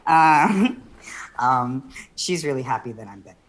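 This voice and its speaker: A woman born in the Philippines performing a virtual stand-up set over a video call, rambling and giggling mid-sentence and dropping into soft, quiet asides. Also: very deep voice, animated, a little slow. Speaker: stand-up comedian.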